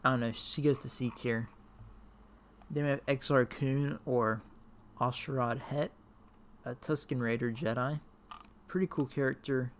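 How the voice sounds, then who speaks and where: A man's voice: mid-range voice, steady tone, unhurried, long pauses. A man casually talking through his character rankings, hesitant and full of fillers, tired and a little worn out. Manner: rambling, hesitant, many fillers. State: tired, voice wearing out. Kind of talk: casual talk to camera.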